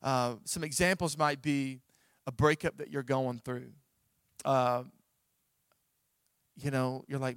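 A man preaching a sermon, telling a personal story in an animated, self-mocking way. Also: medium pitch, slow pace, long pauses, clean tone, no echo, studio quality. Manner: animated storytelling, acts out his own reactions. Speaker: pastor.

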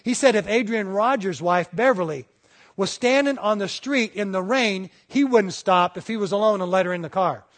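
In a high voice at a moderate pace, a male pastor preaches conversationally. He regularly checks in with his listeners and brings small stories to life by performing the characters' voices.

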